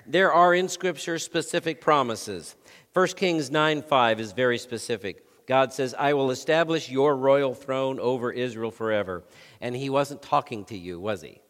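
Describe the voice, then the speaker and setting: A man preaching a sermon as pastor, telling stories with swings from loud to hushed. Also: mid-range voice, normal speed. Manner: lively storytelling with swings between loud and hushed. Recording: long hall reverb.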